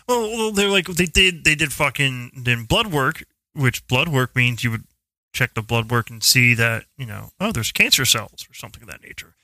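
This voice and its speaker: A man's voice: mid-range voice, animated, moderate pace, bright, forceful tone, no echo. A man chatting casually on a podcast, rambling and swearing a lot, often restarting his sentences. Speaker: podcast co-host. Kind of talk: casual profane chat.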